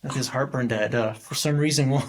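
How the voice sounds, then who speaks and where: A man in his forties, a podcast guest, tells his story in a halting, meandering way full of ums and restarts. His voice sits at an ordinary middle pitch for a man. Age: 40s. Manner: rambling, halting, many fillers and restarts. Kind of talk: casual storytelling interview.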